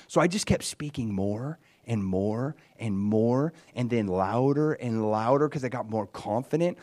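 A man giving a personal testimony as a sermon, telling it like a story, dropping to a hushed near-whisper and then rising to loud excitement. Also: medium pitch, moderate pace.

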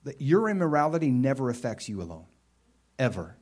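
A man preaching a sermon in a conversational way, with emphatic bursts and quieter stretches. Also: mid-range voice, big pitch swings, brisk. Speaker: pastor.

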